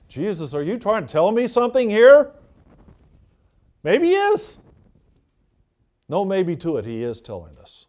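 A pastor preaches in a fervent yet conversational manner, circling back to press his points home. His voice sits high for a man. He talks directly to his flock, earnest and emphatic. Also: big pitch swings, a little fast, hardly any pauses, darkish tone. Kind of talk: sermon.

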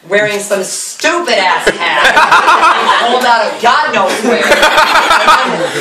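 A man's voice: high voice, a little slow, echoey room, a loud crowd. A young man comically retelling a play at a cast party, giggling and acting out every part, recorded on a phone from a distance. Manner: giggly, acts out all the parts. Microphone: phone camera at a distance.

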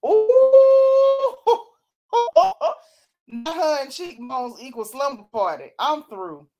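Lively lady gossiping and reading chat, laughs a lot, kinda high voice. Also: takes it slowly, muffled recording. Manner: animated, laughing, Southern-style slang. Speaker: host. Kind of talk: casual chat reading a live chat.

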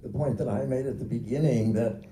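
A man's voice: medium pitch, brisk, background noise. Moderator man in an echoey theater. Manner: polite, brief interjections. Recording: echoey theater with faint audience.

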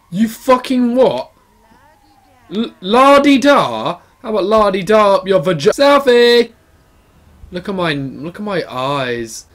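A young man giving excited, sweary commentary on his gameplay and talking back to game characters. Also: mid-range voice. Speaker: gaming channel host.

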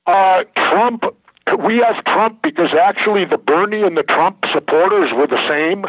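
A man's voice: sits high, normal speed, husky, no echo. Blunt older man on a tinny line. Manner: blunt, emphatic storyteller. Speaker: guest, former governor. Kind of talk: candid interview talk. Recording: tinny phone line, dry.

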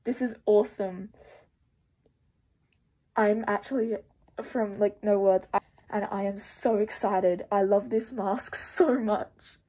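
A teenage girl from Australia unboxing a mask, gushing and breathless, shaky with excitement and swearing often. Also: mid-range voice, takes it slowly, pauses often, breathy edge, low-quality recording. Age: teens.

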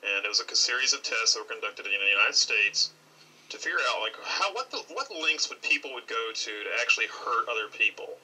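Halting man, heard slightly off-mic. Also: medium pitch, expressive, sharp tone, husky, distant mic, poor audio. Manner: halting, many restarts. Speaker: discussion participant. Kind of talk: casual discussion.

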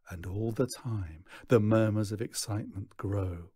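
A man reading a children's novel aloud in slow, measured narration. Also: on the low side, warm tone, slightly rough, no echo, clean studio sound. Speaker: reader. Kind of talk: storybook read-aloud.

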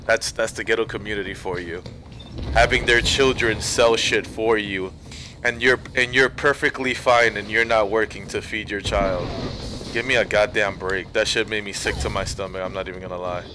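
A man's voice: on the low side, fairly even intonation, normal speed, over music. A young man streaming a video game, telling a story in a profane, rambling rant. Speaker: gaming streamer. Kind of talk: casual storytelling while playing. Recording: game sounds and noise behind.

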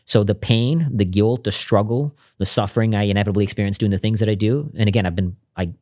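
A man's voice: lowish voice, fast, mellow. A man speaking as a podcast guest, telling a personal story in an earnest, reflective way with frequent restarts.

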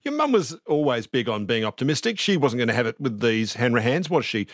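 A man's voice: medium pitch, very animated, a little fast, a little hiss or hum. A man with an Australian accent interviewing a guest in a playful, prompting way. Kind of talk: conversational interview.

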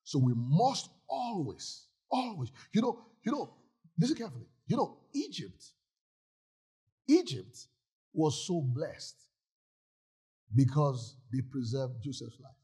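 A man's voice: fairly high pitch, big pitch swings, takes it slowly, long pauses, dark tone, husky. A male pastor preaching a sermon in a church, emphatic and often asking the congregation if they follow.

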